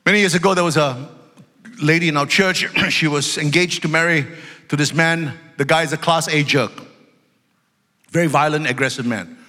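In a church sanctuary, a pastor with a high, bright voice preaches a sermon at a moderate pace. He is emphatic and loud, moving between shouting and low storytelling asides, and the recording carries the long reverb of a large hall.

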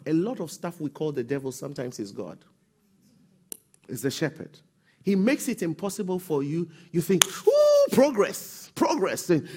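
A male pastor preaches to his congregation, his pitch swinging widely as he builds and falls back. His voice is husky and sits a little high, and he often drives his lines up toward a shout and calls for responses. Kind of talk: sermon.

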